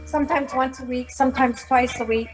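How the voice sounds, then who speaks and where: A woman in her fifties, a former corrections officer, telling personal stories in an animated, humorous way and acting out the voices of others. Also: sits high, fairly quick, low-quality recording. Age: 50s. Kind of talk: casual storytelling interview.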